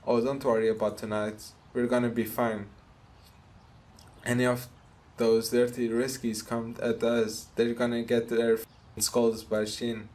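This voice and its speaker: A man voicing a gruff, protective mobster who scolds bluntly and swears while reading game dialogue aloud. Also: medium pitch, completely flat delivery, unhurried, a little mellow, natural voice. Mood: reassuring.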